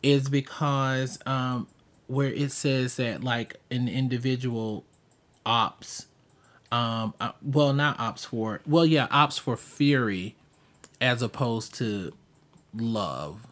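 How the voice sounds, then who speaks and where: A man in candid conversation, halting and searching for his words. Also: medium pitch, fairly bright tone.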